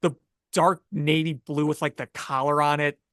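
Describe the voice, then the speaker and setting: A sports podcast co-host in casual chat, telling stories in an animated, incredulous way. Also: mid-range voice, normal speed, no room sound, studio quality.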